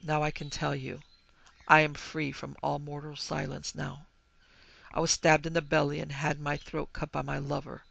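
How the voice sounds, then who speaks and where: The ghost of a young murdered actress with a South German accent, reproachful and mournful, read out by a man with a gravelly, fairly high voice. The delivery stays level and flat, and the recording sounds dry and close. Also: moderate pace, dry recording, muffled recording, heavily acted.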